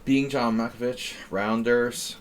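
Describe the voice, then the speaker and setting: A man's voice: mid-range voice, fairly even intonation, takes it slowly, slight background noise. A man streaming chess, chatting casually and reading his moves aloud as he thinks. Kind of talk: casual live-stream chat while playing.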